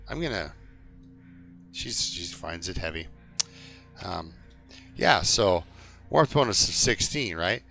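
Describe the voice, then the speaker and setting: A low-voiced man rambles through a live game stream, joking with his chat. His voice is gravelly with a bright, edgy tone, and faint music plays behind him. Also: animated, slow pace, long pauses. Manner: rambling, jokey, talks to chat. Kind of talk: casual live-stream commentary.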